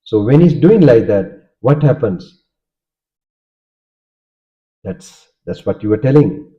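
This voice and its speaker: In a dull lo-fi recording, a Sri Lankan Buddhist monk and native Sinhala speaker gives a Dharma talk. His mid-range voice has lively intonation and an unhurried pace, and he often asks listeners questions, checking in with "okay?".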